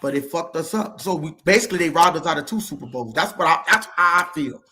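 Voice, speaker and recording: A man co-hosting a casual sports podcast, talking in an animated, heated and profane way. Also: a little high, fast talker. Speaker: podcast co-host.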